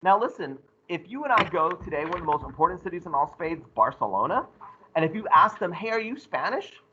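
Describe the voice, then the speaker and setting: A male teacher giving an animated, joking classroom lecture to his students. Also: a little high, fast talker, lo-fi sound, background noise.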